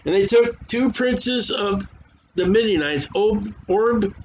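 A man with a high voice preaches a sermon, reading scripture in a conversational way and tripping over difficult names. His voice sounds worn, and the recording is dull and lo-fi, with faint noise behind him. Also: lively intonation, slow.

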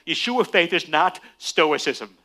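A man, a Messianic rabbi, preaching a sermon emphatically and slowing down for stress on key lines. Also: on the high side. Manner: emphatic, animated preaching with dramatic slowdowns.

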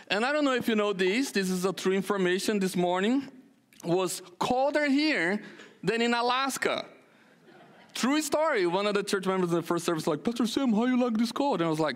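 Male pastor, high-pitched, animated storyteller with frequent restarts, casual pulpit talk. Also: moderate pace. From Brazil. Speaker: senior pastor. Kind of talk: casual sermon announcements.

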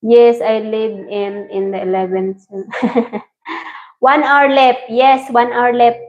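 Slow-talking woman livestreaming. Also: a little high, fairly even intonation. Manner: non-native English, greets viewers by name. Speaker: livestream host reading viewer comments. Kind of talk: casual livestream chat. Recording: dull lo-fi stream audio.

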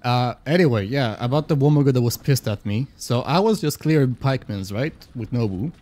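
A man streaming a game live, chatting casually with viewers, excitable and swearing freely. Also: mid-range voice, a little fast.

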